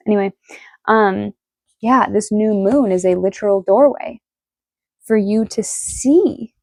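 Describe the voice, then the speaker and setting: Excitable, swearing woman tarot reader. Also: mid-range voice, dry recording. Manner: excitable, emotional, swears freely. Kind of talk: casual tarot reading.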